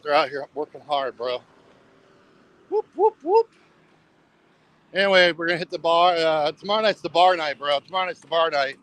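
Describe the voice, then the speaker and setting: A man's voice: a little high, a bit bright, poor audio. A man rambling casually for a travel vlog while walking along a road at night, repeating himself and saying "bro" a lot. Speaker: travel vlogger.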